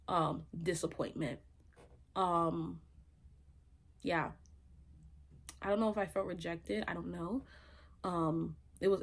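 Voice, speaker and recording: Woman host, low voice, reflective testimony talk. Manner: conversational, reflective, frequent fillers and restarts. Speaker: faith podcast host. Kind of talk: personal testimony, casual.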